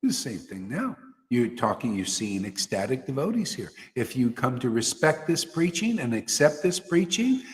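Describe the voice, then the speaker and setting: A man's voice: mid-range voice, very animated, moderate pace. A man giving a devotional sermon as a spiritual teacher, exhorting and colloquial. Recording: reverberant hall.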